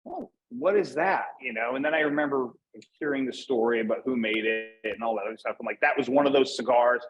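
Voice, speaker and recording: In a muffled recording, a man from Northeast Pennsylvania, USA, talks fast in a steady, medium-pitched voice. He's a cigar brand manager guesting on a casual interview, rambling in an easygoing way with many "like"s and restarts.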